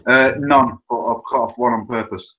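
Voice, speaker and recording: A man's voice: medium pitch, fairly even intonation, normal speed, lo-fi sound. A British man, a guest on a podcast, talking informally and rambling about his barbering work. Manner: rambling, informal, filler-heavy. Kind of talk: casual podcast interview.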